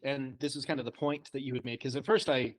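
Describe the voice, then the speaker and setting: A man's voice: mid-range voice, steady tone, quick pace. Chatty self-deprecating young man. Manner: chatty, self-deprecating storyteller, laughs often. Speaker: co-host, trainee. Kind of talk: casual podcast chat.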